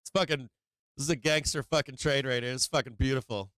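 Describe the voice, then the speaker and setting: A man hosting a live trading stream, excitable and swearing freely, laughing often as he comments on the market. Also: mid-range voice, fast, clear, resonant tone, dry recording.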